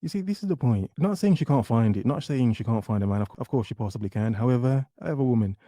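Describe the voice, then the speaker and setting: Male reactor, very dark mellow tone, dry close sound, sarcastic jabs. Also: medium pitch, animated, fast, dry recording. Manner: mocking, sarcastic questioning. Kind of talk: reaction commentary.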